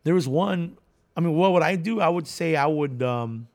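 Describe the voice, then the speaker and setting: A man's voice: on the high side, animated, normal speed, a little mellow. A man co-hosting a casual chat, animatedly retelling a story and acting out the voices in it. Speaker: podcast co-host.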